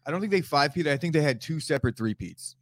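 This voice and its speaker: A man's voice: on the high side, lively intonation, fast, no room sound. Brash, stuffy-nosed guy. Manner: brash, swears a lot, teasing. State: congested from allergies. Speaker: podcast co-host. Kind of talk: casual sports chat.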